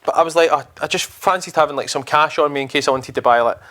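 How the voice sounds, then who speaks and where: A young Scottish man with a Scottish accent co-hosts a podcast, rambling through a travel story with casual swearing. His voice is a little high and sharp-toned, and he talks at a quick pace.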